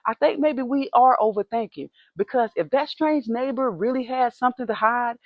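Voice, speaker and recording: A woman's voice: on the high side, normal speed, no room sound, muffled recording, lightly acted. A woman voicing a level-headed young woman friend who talks in a reasoning, reassuring way.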